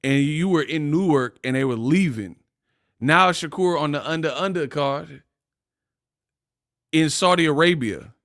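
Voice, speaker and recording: A man's voice: a little high, unhurried, long pauses, a bit bright, no room sound, clean studio sound. A man hosting a casual boxing livestream, laughing often and trash-talking his chat readers.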